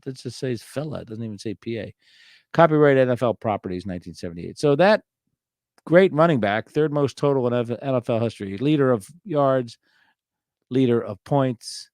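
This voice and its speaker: In a clean studio recording with no echo, a man with a mid-range, slightly mellow voice hosts a casual solo show on old trading cards. He reads the card backs aloud and tosses off wry, offhand jokes.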